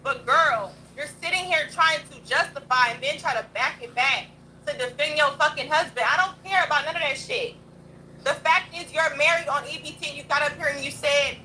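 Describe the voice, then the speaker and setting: A woman's voice: high voice, sharp tone, slight background noise, low-quality recording. A young adult woman hosting a livestream, ranting in a blunt, profane, combative way. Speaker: livestream host. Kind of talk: heated livestream rant.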